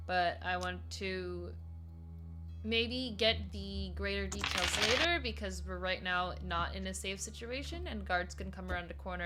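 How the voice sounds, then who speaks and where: A bright, crisp-toned woman chatting as a tabletop player, sick and a little foggy, joking about her own slow brain. Her pitch is ordinary, with soft music in the background. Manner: chatty, self-deprecating, quick to laugh. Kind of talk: casual tabletop role-play.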